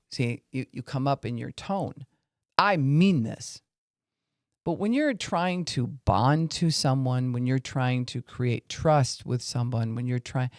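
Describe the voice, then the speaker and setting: A man's voice: medium pitch, darkish tone, no room sound, studio quality. Earnest man teaching about faith. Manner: earnest, acts out angry and weary voices to illustrate. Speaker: Christian podcast speaker. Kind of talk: teaching talk on faith and family.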